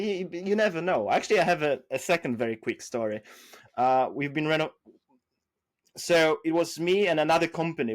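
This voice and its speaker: A man telling business stories as a podcast guest, acting out dialogue with lively jumps and frequent restarts. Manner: animated, acts out quoted dialogue with big pitch jumps; many restarts and fillers, non-native phrasing. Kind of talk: casual interview storytelling.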